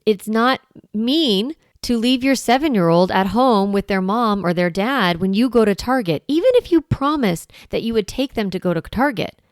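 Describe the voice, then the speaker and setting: A woman's voice: medium pitch, expressive, normal speed, no room sound, studio quality. A woman parenting coach talking straight to her listeners, shifting into a firm, strong voice to act out what parents can say to their kids. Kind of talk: solo talk to camera.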